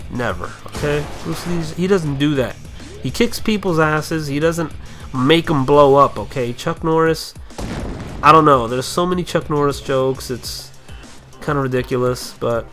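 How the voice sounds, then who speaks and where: A young man with a somewhat high voice rambles through casual gameplay commentary, swearing freely and breaking into loud martial-arts yells. Faint game music plays behind him.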